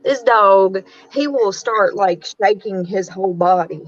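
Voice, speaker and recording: A woman chatting casually as a guest, slangy and quick to laugh along. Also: mid-range voice. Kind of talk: casual chat. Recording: dry, dull lo-fi sound.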